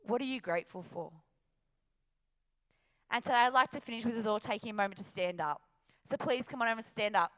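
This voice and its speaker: A woman's voice: a little high, a little fast, pauses often, fairly bright tone. An Australian woman giving an emphatic, upbeat motivational talk from a stage before an audience. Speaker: motivational speaker.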